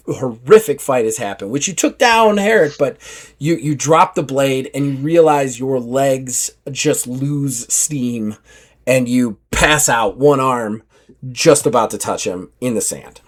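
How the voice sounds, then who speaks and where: A man at a mid-range pitch runs a tabletop game and narrates the action vividly. He talks loosely and casually, full of "like" and quick asides. He sounds like a relaxed host. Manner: vivid, animated storytelling with filler "like". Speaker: game master.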